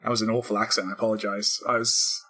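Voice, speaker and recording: A man's voice: fairly low pitch, level tone, fast talker, sharp tone, slightly rough. A man co-hosting a casual podcast, rambling and self-deprecating, with lots of fillers and restarts. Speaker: podcast co-host, game developer. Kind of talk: casual chat.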